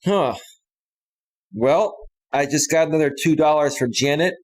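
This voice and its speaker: Guy on a live stream reading chat, kinda higher voice, chill, lots of bro. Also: measured pace. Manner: laid-back, says "bro" and "man" often.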